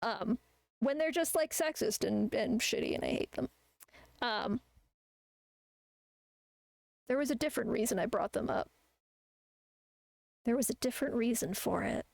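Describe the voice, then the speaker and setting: A woman's voice: on the high side, animated, measured pace, gravelly, long pauses, darkish tone, no room sound. A woman chatting casually while she draws on a live art stream, rambling and ranting with plenty of swearing. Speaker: artist streamer.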